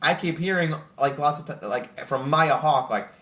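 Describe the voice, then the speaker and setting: A young man chatting casually to camera as host, excited and rambling with lots of filler words. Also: on the high side, moderate pace. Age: young adult. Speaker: channel host ranking TV shows. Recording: roomy echo.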